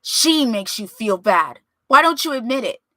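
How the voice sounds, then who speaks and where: Angry defiant teen boy, voiced by a woman reader, screams break high. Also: very animated, measured pace, no room sound, studio quality, exaggerated voice. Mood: furious. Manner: shouting, voice cracking high.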